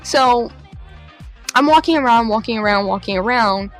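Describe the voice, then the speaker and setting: A woman vlogger dramatically retelling a live-action role-play adventure, casual and expressive. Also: a little high, measured pace, pauses often, faint music behind. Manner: animated, dramatic retelling with laughs. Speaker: LARP vlogger. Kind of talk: casual storytelling.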